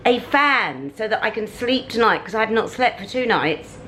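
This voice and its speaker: A middle-aged British woman talking to camera in a casual vlog, ranting animatedly with big swings in pitch. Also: lively intonation, measured pace, hardly any pauses, a bit bright, a little hiss or hum, poor audio. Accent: British English. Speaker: vlogger. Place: at home and out on a city street.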